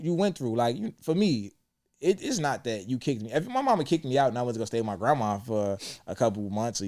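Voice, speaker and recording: A man's voice: lowish voice, darkish tone. A young man hosting a podcast, talking candidly and reflectively with frequent swearing. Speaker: podcast host. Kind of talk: casual chat.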